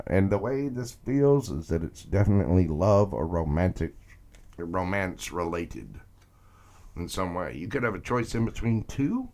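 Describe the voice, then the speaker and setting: Male live-stream tarot reader, lowish voice, animated delivery, chatty with his viewers. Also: normal speed. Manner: chatty, greets viewers by name, playful.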